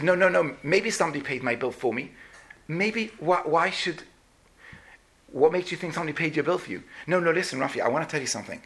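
A man preaching a sermon, telling a story and acting out the voices of the people in it. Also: a little high. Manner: animated, acts out each person's voice.

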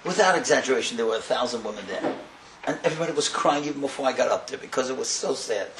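A man's voice: medium pitch, fast. Impassioned man preaching in an echoey room. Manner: impassioned, rising to loud emphatic bursts; sprinkles Hebrew and Yiddish terms. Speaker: rabbi speaker. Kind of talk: sermon storytelling. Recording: echoey room with faint ambient noise.

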